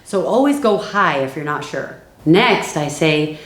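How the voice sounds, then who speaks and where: A woman giving a calm training lesson for network marketing builders. She acts out the sales lines she uses. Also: deep voice, measured pace, few pauses, reverberant.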